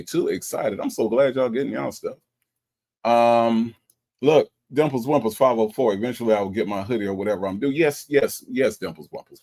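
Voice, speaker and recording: A man hosting a casual livestream, reading viewer comments aloud and teasing them with an animated manner and features. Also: mid-range voice. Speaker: livestream host reading chat.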